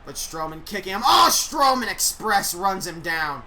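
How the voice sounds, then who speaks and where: A woman giving excitable play-by-play commentary on a wrestling video game she is playing. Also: mid-range voice, moderate pace, slight background noise, rough recording. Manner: excitable, reacting aloud. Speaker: gaming YouTuber.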